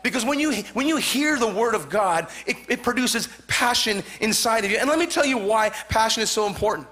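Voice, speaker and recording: A pastor in his forties with a Southern Californian accent, preaching a fervent sermon, repeating phrases and building to shouts. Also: sits high, animated, brisk. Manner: fervent, repetitive, rising to shouts.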